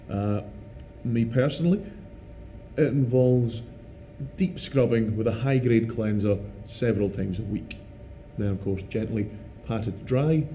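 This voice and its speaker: Dark-voiced deadpan man. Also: mid-range voice, a little hiss or hum. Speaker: bearded interviewee. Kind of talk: deadpan documentary interview.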